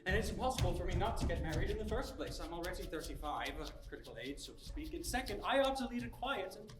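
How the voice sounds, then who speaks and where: A man's voice: high voice, expressive, fast talker. Flustered, stammering male suitor in his thirties, a man playing it, stage play; echoey hall, far mic. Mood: anxious. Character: nervous anxious 35-year-old male landowner suitor. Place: theater stage. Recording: roomy stage from far off, music behind.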